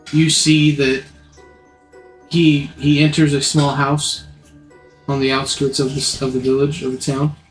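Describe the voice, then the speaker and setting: A man narrating a tabletop game as game master, rambling, correcting himself and laughing. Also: mid-range voice. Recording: echoey room, faint music.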